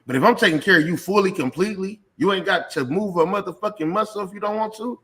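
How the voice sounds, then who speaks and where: A man's voice: sits high, fast talker, a bit bright. A man co-hosting a talk show, arguing heatedly in casual chat, swearing often and building long emphatic points. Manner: profane, emphatic, argues in long build-ups. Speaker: podcast co-host.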